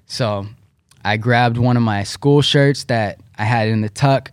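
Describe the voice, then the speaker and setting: Chill young guy, kinda low voice, slangy, dry close mic. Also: moderate pace, clean tone, dry recording. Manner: laid-back, slangy, quiet backchannels. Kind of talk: casual chat.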